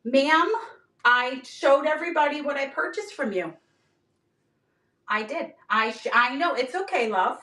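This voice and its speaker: A woman's voice: high voice, expressive, unhurried, long pauses, bright, forceful tone. A woman selling items on a live stream in a bubbly, chatty way, greeting viewers by name and joking. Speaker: live-stream auction seller. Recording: echoey room, mic far off.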